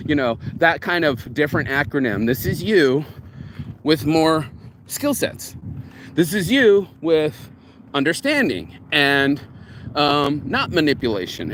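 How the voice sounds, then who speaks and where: A man vlogging a casual, rambling monologue, reflective and often profane as he thinks out loud. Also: a little high, background noise.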